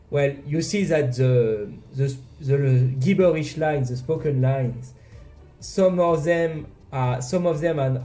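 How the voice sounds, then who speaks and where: A man with a French accent casually narrating his indie game devlog, self-deprecating and halting with frequent restarts. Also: mid-range voice, dark tone. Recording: faint game music behind.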